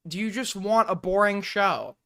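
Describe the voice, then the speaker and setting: A man's voice: sits high, animated, moderate pace, fairly bright tone, smooth. A man streaming, reacting to a video clip with sarcastic, rambling commentary and bursts of laughter.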